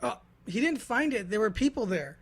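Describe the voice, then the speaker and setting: A woman's voice: a little high, expressive, normal speed, breathy edge. A woman, a podcast host in casual chat, explaining history as a joking storyteller who slips into silly voices.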